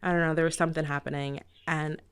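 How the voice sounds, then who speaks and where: A middle-aged woman, a podcast guest, telling lively stories in casual chat, laughing often and sometimes dropping to a near whisper. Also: sits low, quick pace, clear, resonant tone.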